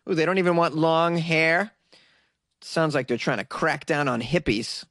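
A man's voice: on the high side, moderate pace, a bit bright, no room sound, clean studio sound. Sarcastic joking male news host. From Massachusetts. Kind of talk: casual news commentary.

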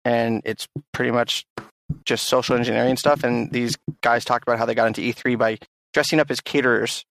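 A man with a mid-range voice tells quick, joking stories on a gaming podcast, often stumbling over repeated words. The recording is dry and close to the mic. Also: mid-range voice, level tone, vocal fry, a bit bright, no echo. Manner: quick, joking storyteller with stammered restarts. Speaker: podcast co-host. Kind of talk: casual chat.

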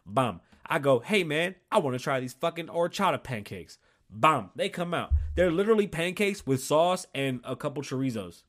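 Dude in his 30s cussing up a storm, kinda high voice, yelling then grumbling. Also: animated, moderate pace. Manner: loud, profane, swings from heated yelling to low grumbling. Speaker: show host. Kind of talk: profane comedic rant.

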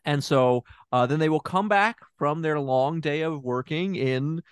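A man's voice: a little high, a little slow, clean tone, no echo, natural voice. Man playing a stammering fake therapist. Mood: deadpan. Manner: hesitant, stammering, confidently absurd. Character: bumbling fake male therapist. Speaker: therapist in improv scene. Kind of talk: improv comedy scene.

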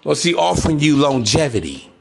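A man's voice: on the high side, big pitch swings, fast talker, gravelly, faint music behind. A man hosting a podcast, giving a blunt, preachy monologue full of slang and mocking put-on voices. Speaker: podcast host. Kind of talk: casual monologue.

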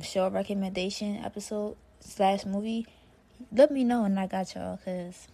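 A woman's voice: medium pitch, gravelly, mellow. A woman hosting her own podcast, talking casually in a slangy, rambling way with lots of fillers. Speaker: podcast host. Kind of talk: casual solo podcast chat.

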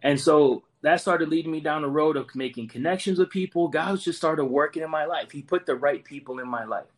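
A man's voice: fairly high pitch, brisk. A man in his forties, a Marine veteran guest, earnestly telling a personal story and often repeating words as he goes. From United States.

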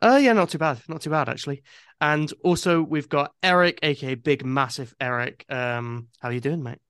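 A man's voice: fairly high pitch, fairly quick, fairly bright tone, clear, resonant tone, dry recording, clean studio sound. A man hosting a casual football podcast, talking loosely with fillers and restarts. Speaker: podcast host.

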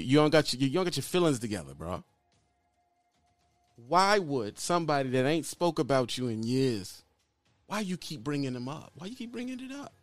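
A YouTuber with a mid-range voice rants at another trucker on YouTube, calling him out bluntly and mockingly and repeating his insults over and over. The recording has no room sound.

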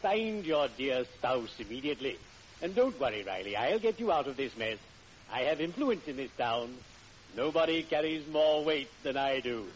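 An actor playing a cheerful, unctuous undertaker in an old radio comedy, formal and full of puns. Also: male voice, medium pitch, sing-song, normal speed, close to an everyday voice. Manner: unctuous, punning, grandly formal. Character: oily cheerful undertaker, middle-aged man. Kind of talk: 1940s radio acting. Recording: dull hissy old radio broadcast.

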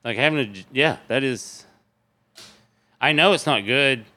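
A man from Tennessee chats on a podcast as a comedian guest, spinning animated, profane stories. His voice sits at an ordinary pitch for a man. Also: a little slow. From Tennessee, USA. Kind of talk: casual podcast chat.

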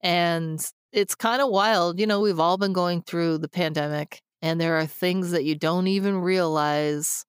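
A woman co-hosting a podcast, chatting casually and telling stories, lively when she quotes people. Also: lowish voice, a little slow, hardly any pauses, clean tone, no echo, studio quality. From Los Angeles area. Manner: chatty storyteller, animated when quoting people. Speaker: podcast co-host. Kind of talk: casual chat.

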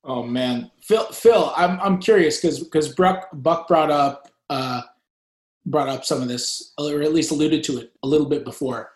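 A man's voice: a little high, measured pace. A man interviewing guests, stumbling and restarting as he works toward his questions. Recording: roomy echo.

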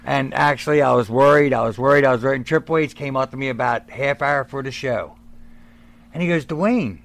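A former wrestler telling stories in casual conversation, acting out the voices of the people in them and laughing often. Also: male voice, medium pitch, fairly quick, gravelly. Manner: animated, acts out the voices of people in his stories. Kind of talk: casual storytelling.

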